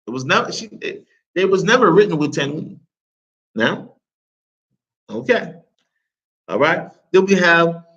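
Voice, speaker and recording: A man's voice: on the high side, sharp tone. Casual male Arabic teacher, lo-fi. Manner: casual, repeats phrases, asks the class questions. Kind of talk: live classroom lesson. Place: classroom.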